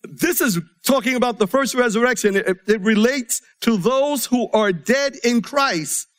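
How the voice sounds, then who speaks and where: A man preaching a sermon to a congregation, reading scripture aloud, his delivery swinging between soft, quiet passages and rising emphasis. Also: extremely high pitch, a little slow.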